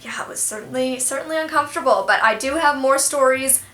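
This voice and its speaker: A young woman vlogger telling a storytime tale in an animated, self-deprecating way, laughing at herself. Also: sits high, fairly quick. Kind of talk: storytime vlog. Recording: echoey room, faint music.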